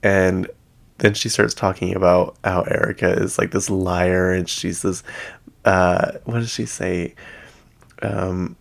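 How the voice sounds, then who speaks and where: Man, very low voice with fry, casual gossip host recapping reality shows, loose and rambling. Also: little pitch movement, slow. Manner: chatty, rambling, heavy use of "like". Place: at home.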